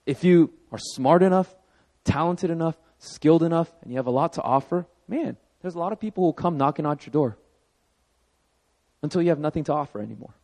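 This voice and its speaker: A man in his thirties preaching a sermon as pastor, telling a personal story with animated emphasis. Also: a little high, a little fast.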